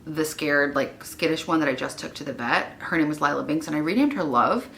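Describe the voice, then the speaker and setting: Chatty, bright-voiced young woman vlogging at home. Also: low voice, fairly quick, vocal fry, slight background noise. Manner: chatty, rambling, many "like" fillers; emotional, wavering at times. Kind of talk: casual vlog chat. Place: her home.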